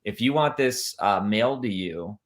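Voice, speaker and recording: Male host, live stream interview, low pitch, upbeat promoter. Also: expressive, moderate pace. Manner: upbeat promoter, urging viewers to share.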